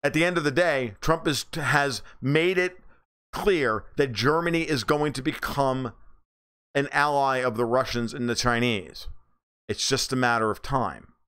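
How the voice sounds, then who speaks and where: Casting: male livestream host from the US, mid-pitched, blunt, sarcastic, swears freely. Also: unhurried, a bit bright, clear, resonant tone. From United States. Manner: mocks others in high squeaky voices. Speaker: livestream host reading chat. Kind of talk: casual political livestream commentary.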